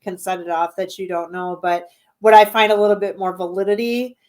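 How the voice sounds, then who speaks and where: A woman's voice: mid-range voice, fairly even intonation, fairly quick, darkish tone. A woman owner of a haunted venue, chatting casually as a guest and rambling with many ums. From Midwestern United States. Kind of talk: casual interview chat.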